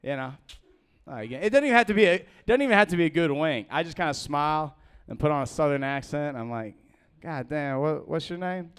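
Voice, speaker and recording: Young comic guy rambling thru an open mic set, kinda high smooth voice, lots of likes and restarts. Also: animated, a bit bright. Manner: rambling, halting, many restarts and fillers; laughs at his own jokes. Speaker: stand-up comedian.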